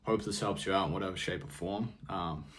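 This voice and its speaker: A man's voice: low voice, a little fast, background noise. A young man vlogging casual advice in a laid-back, rambling way, peppering his talk with slang. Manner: rambling, often trails off and restarts.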